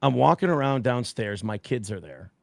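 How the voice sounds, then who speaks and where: A man's voice: mid-range voice, lively intonation, moderate pace, gravelly, no room sound. A man as a podcast guest, telling a story casually with heavy swearing and acting out what people said. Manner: heavy swearing, acts out quotes with shifting voices.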